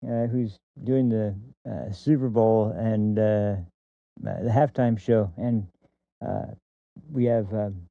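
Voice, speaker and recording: A man's voice: on the low side, steady tone, takes it slowly, dry recording. Podcast guy rambling, lots of ums n laughs, dry tinny sound. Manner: rambling, full of fillers and laughs. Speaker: podcast host. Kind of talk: casual opinion podcast. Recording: dry, tinny phone-like line.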